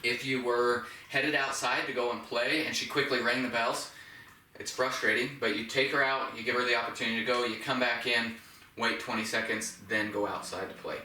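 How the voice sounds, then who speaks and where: A man's voice: medium pitch, steady tone, brisk, a little hiss or hum. A man working as a dog trainer, giving step-by-step instructions while he demonstrates with a dog indoors. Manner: explains step by step, bright praise to the dog. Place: indoors in a home. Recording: roomy, from a distance.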